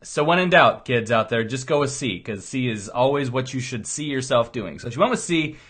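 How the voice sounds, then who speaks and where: A man's voice: medium pitch, animated, moderate pace, a bit bright, slightly rough. A middle-aged man, a chiropractor, giving a rambling, earnest motivational talk in a casual, storytelling way. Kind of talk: motivational monologue.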